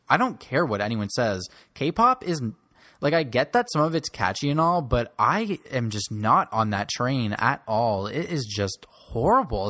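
A young man hosts a solo commentary on pop music, snarky and blunt as he runs through the artists. His voice sits in a middle pitch. The sound is dry and close, with no room around it. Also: fairly bright tone, dry recording.

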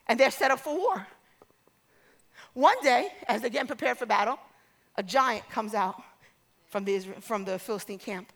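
A woman's voice: on the high side, normal speed, creaky, pauses often. A woman preaching a sermon, telling stories and acting out the voices of the people in them before calling out to the congregation. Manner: storytelling, acts out quoted voices, builds to exhortation.

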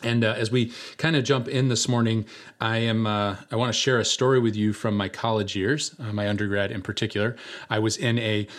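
A man's voice: fairly low pitch, little pitch movement, fairly quick. Man, young adult, pastor, sermon, conversational storytelling, filler-heavy delivery. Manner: conversational, many filler words, acts out roommates' voices.

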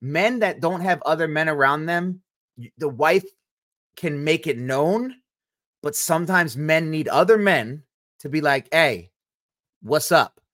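A man with a somewhat high voice co-hosts a casual faith podcast beside his wife. He talks in an earnest, instructive way, explaining ideas as if coaching the listener. His delivery gets animated when he makes a point. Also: a little slow. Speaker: podcast co-host.

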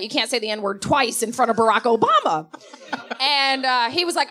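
A young woman, a comedy writer, telling funny stories in a lively, laughing way and acting out the people in them. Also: sits high, a little fast. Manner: animated, laughs often, acts out voices in her stories. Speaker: comedy writer and guest storyteller. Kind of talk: casual comedic storytelling before a live audience.

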